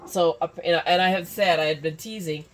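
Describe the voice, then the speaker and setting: Fast and steady in tone, this woman's voice sits at a fairly low pitch. A Californian crafting YouTuber in her fifties, she chats through a tutorial, restarting frequently and mocking herself along the way.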